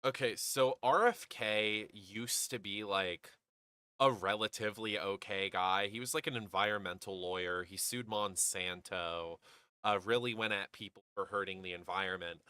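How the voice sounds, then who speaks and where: Dude streaming, chill joking chat, swears a lot, dry close mic. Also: male voice, fairly low pitch, normal speed, sharp tone, clear, resonant tone, no room sound. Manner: loose, joking, swears casually. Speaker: streamer host. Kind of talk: casual chat.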